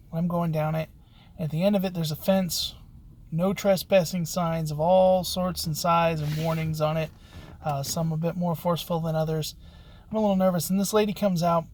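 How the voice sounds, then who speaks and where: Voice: mid-range voice, a little mellow, a little hiss or hum. A locksmith telling a job story in a casual, rambling way, with frequent halts and restarts. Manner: rambling, halting, with many restarts and fillers. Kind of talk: casual spoken anecdote.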